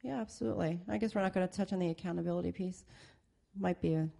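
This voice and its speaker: Playful, low-pitched woman co-host. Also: quick pace, gravelly, mellow. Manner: playful, joking, swears casually. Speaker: podcast co-host. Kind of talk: casual advice chat.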